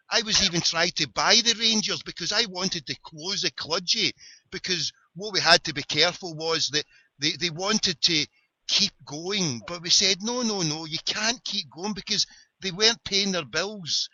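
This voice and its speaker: A Glasgow man from Scotland hosts an internet show from a parked car, his voice high-pitched, bright and forceful, slightly rough, at a moderate pace. His patter is boisterous, rambling and wisecracking, full of jokey call-in banter. The recording is dry, dull lo-fi webcast audio.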